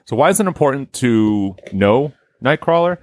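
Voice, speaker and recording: A man's voice: medium pitch, lively intonation, normal speed, no echo, studio quality. A man hosting a podcast, talking in a loose, rambling, conversational way. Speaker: podcast host. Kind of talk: casual chat.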